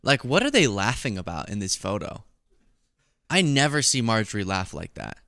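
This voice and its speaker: A man's voice: on the low side, sing-song, moderate pace, gravelly, pushed and bright, dry recording, clean studio sound. A man hosting a political commentary show, talking casually in a sarcastic, mocking way and laughing at his own jokes.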